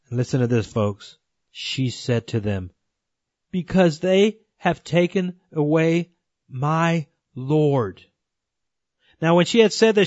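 A man with a high voice preaches an earnest sermon and speaks directly to his listeners. The recording is dry and close, with a slightly muffled, dull tone. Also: dry recording. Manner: earnest, addresses listeners as folks and friends.

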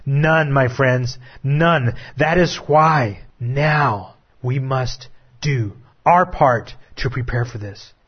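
A man delivers a dramatic sermon in a husky voice, dropping to hushed, drawn-out lines before rising to urgent appeals. The recording is dull and lo-fi. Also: mid-range voice. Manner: dramatic preaching, swings from hushed to raised. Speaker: preacher.

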